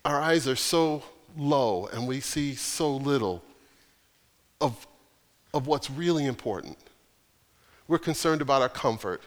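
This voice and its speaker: A male pastor preaching an earnest, emphatic sermon with deliberate pauses. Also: mid-range voice, animated, long reverb tail.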